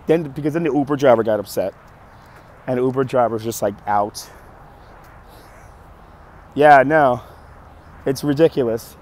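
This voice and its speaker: A hoarse man who keeps coughing, telling a story on a live stream in an animated, exasperated way. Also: mid-range voice. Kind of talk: casual storytelling to chat.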